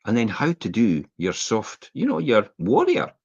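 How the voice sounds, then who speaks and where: A man coaches emphatically in a casual podcast, his low, husky voice swooping up and down as he makes each point. The recording is dry and a little dull. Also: huge pitch swings, a little slow, no room sound. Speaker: co-host.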